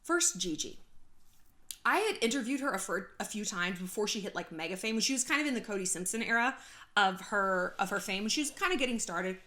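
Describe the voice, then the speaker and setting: A woman's voice: mid-range voice, animated, a little fast, pushed and bright. A woman from California hosting a casual gossip commentary vlog, chatty and sarcastic, laughing often and swearing freely. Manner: frequent swearing. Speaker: YouTube host.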